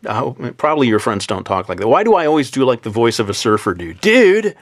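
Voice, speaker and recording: A man narrating a drawing tutorial in a relaxed, chatty way, with many filler sounds and some self-deprecating asides. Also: fairly low pitch, fast. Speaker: drawing instructor.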